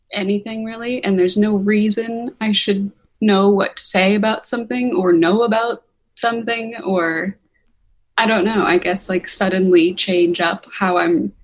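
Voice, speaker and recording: A woman's voice: mid-range voice, steady tone, unhurried. A woman co-hosting a podcast in casual chat, earnest and reflective, with light laughs. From United States. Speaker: podcast co-host and spiritual reader.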